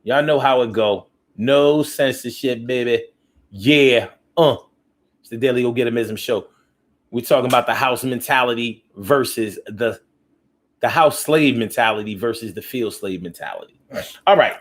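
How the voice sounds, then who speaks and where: A man's voice: mid-range voice, moderate pace. A man hosting a live call-in talk show, reading out viewer comments and answering them in a loose, slangy, preachy way that repeats lines for emphasis. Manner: loose, slangy speech with many restarts.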